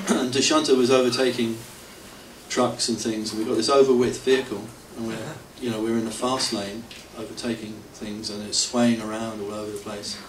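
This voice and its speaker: A man's voice: mid-range voice, fairly even intonation, normal speed. A middle-aged man with a rambling, self-mocking manner, telling stories to an audience and often chuckling. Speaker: devotee telling stories at a temple anniversary. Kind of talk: anecdotal storytelling to an audience. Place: temple hall. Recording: roomy, distant hall mic with faint hiss.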